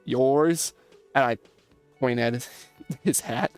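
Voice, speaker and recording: A man's voice: medium pitch, slow pace, pauses often, clear, resonant tone, soft background music. A young man streaming a game, reading the dialogue aloud and joking between lines. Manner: reads text aloud, jokes and comments between lines.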